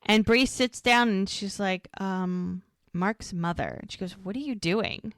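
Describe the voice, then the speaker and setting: A woman's voice: mid-range voice, no echo. Woman on a podcast retelling a show, chatty, tossing in the characters' lines, dry close mic. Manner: retells scenes, acting out the lines in quick quotes. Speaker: podcast co-host. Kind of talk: casual episode recap.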